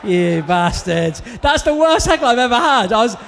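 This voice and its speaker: A man's voice: extremely high pitch, very animated, normal speed, creaky, a bit bright, a little hiss or hum. A man hosting a comedy club night, doing crude, teasing banter with the audience from the stage. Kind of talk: crowd work and stand-up banter.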